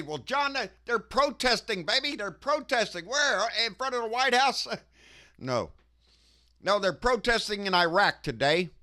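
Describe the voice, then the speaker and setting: A man's voice: sits high, bright, forceful tone. A man hosting a casual, ranting political commentary show, profane and folksy, who keeps tagging his sentences with "baby.". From Texas.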